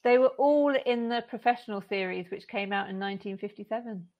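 A woman's voice: medium pitch, a little fast, highs cut off. A woman hosting a casual podcast quiz, who laughs often while reading out questions.

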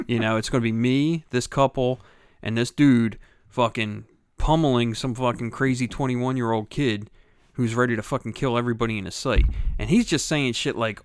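A man in casual chat who tells stories with a lot of swearing and acts out other people's lines in quick voices. His voice sits at an ordinary pitch. It is recorded close and dry, with no room sound. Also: clean tone, no room sound.

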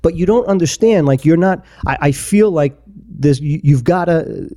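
A man's voice: a little high, expressive, moderate pace, warm tone. A man co-hosting a podcast, making his point in a rambling, emphatic way full of restarts and repeats. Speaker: podcast co-host. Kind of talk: casual opinionated chat.

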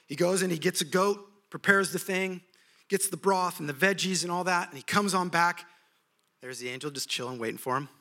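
A man preaching a sermon, telling a story in an animated, humorous way. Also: high voice, moderate pace.

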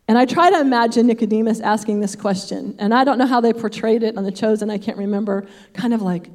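Older woman, fairly high and mellow voice, chatty Bible teacher who wanders into personal stories. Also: fast, few pauses.

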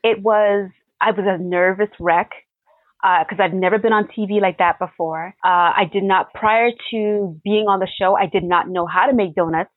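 A young adult woman pastry chef answering interview questions in an animated, chatty way, laughing often. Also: mid-range voice, normal speed, dry recording. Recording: tinny phone-like line.

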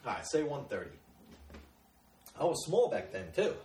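A man's voice: a little high, huge pitch swings, normal speed, darkish tone, roomy sound, slight background noise. A man telling a crude, rambling story in a casual podcast chat. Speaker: podcast co-host.

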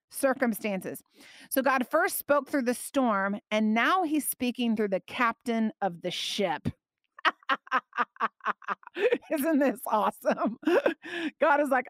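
Woman Bible teacher, higher voice, lively and emphatic, dry close sound. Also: takes it slowly, pauses often, dry recording. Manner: animated, emphatic, laughs often.

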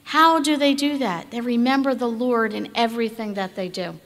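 A woman preaching a sermon with emphatic rhetorical questions, at times dropping to a hush. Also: fairly high pitch, moderate pace, big-room sound.

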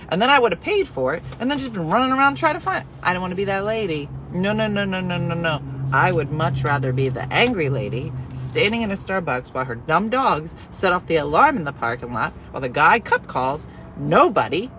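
A woman telling a comic story in an animated, exasperated way, with sarcastic asides. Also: lowish voice, a little fast, few pauses, slight background noise.

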